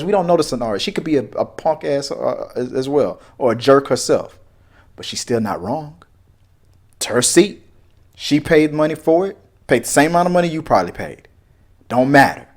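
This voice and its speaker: A man in his forties giving a casual opinion rant as a reaction video host, full of slang and mocking put-on voices. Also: mid-range voice. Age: 40s. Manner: animated, mocking voices in quotes, frequent repeats and slang.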